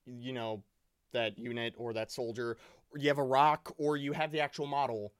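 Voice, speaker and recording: A man's voice: medium pitch, little pitch movement, normal speed, clear, resonant tone, no room sound, studio quality. A man co-hosting a podcast in casual chat, earnest and reflective, hesitant with many restarts. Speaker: podcast co-host.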